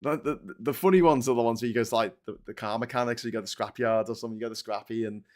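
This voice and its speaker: A man's voice: mid-range voice, very fast. A man with a Liverpool accent hosting a live-stream political chat, ranting with stammering restarts and swearing. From England. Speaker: livestream host.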